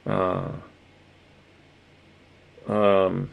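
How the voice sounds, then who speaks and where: A man's voice: sits low, monotone, extremely slow, creaky, narrow, tinny audio. Laid-back, profane guy chatting. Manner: profane, rambling, laughs often. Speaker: streamer chatting with viewers. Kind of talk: casual livestream chat.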